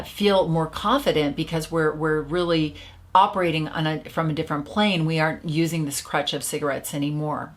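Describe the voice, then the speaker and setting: Chatty woman, slightly low voice. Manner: chatty, lots of filler words. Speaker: stop-smoking coach. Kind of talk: casual teaching video.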